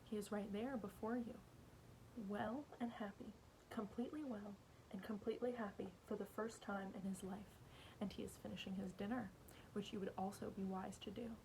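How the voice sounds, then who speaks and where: A woman reading aloud as a cold, condescending alien leader with red eyes, measured and smooth. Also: medium pitch, steady tone, dark tone, a little hiss or hum, natural voice, poor audio.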